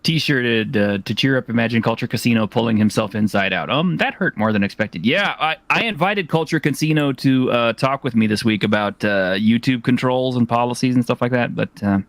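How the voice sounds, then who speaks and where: A man hosting a casual chat in a dry, close sound. He rambles and teases, reading viewer messages aloud with a jokey lilt at a middling pitch. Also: brisk, hardly any pauses, dry recording. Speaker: host.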